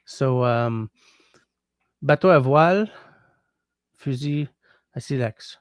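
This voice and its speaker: A man's voice: mid-range voice, slow, clean tone, dry recording, clean studio sound. A man hosting a casual livestream, reading out viewer comments and thinking aloud as he tries out French translations. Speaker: livestream host.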